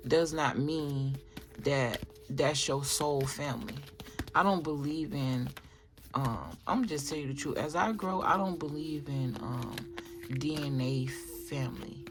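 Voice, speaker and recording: With background noise present, a tarot reader with a mid-range voice delivers a casual reading aloud. Her talk is chatty and directed right at viewers, meandering through restarts and filler asides.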